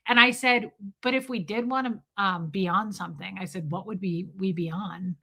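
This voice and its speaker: A woman's voice: medium pitch, normal speed, creaky, pushed and bright. A woman streaming live, chatting casually with her viewers and telling a story in a self-mocking way, acting out the quoted dialogue.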